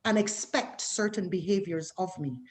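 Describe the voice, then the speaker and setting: Animated West Indian woman recounting experiences. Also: lowish voice, normal speed. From West Indies. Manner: animated, acts out other people's remarks in quoted voices. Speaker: guest physician. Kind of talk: candid interview talk.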